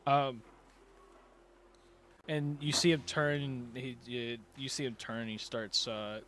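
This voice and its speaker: A man narrating a tabletop game as its game master, wandering through his descriptions with frequent restarts. His pitch sits at a plain middle. The delivery stays loose and casual. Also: normal speed, a bit bright, a little hiss or hum. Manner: rambling, many fillers and restarts.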